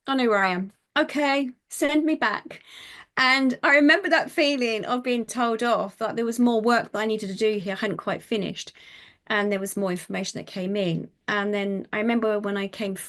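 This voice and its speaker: A middle-aged woman, a psychic medium telling her life story in an interview, animated and chatty with many fillers. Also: medium pitch, brisk. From United Kingdom.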